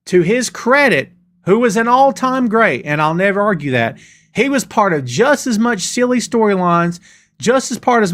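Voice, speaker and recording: A middle-aged man rants on a live stream and reads out viewers' comments as he goes. His voice sits a bit high and swings up and down all the time. He talks loosely, calling people "brother" and "dude". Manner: animated, ranting, addresses chat as "brother" and "dude". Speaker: host of a wrestling show. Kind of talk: live-stream rant reading chat comments.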